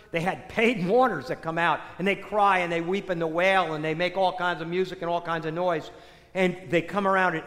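Male preacher, fairly high voice, narrates scripture with rhetorical questions; recorded with a long echo of a large hall. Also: pushed and bright. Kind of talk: sermon retelling a scripture story.

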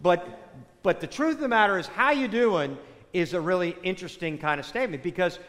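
A man's voice: sits high, lively intonation, fast, a bit bright. A man preaching a sermon in a conversational way, sprinkling his talk with "you know" asides. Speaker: pastor. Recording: echoey hall.

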